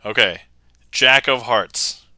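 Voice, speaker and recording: Performing card magic on a livestream, a man chats playfully with viewers, laughs often, and thanks them by name in casual patter. His mid-range voice is slow and sharp-toned, recorded with no room sound.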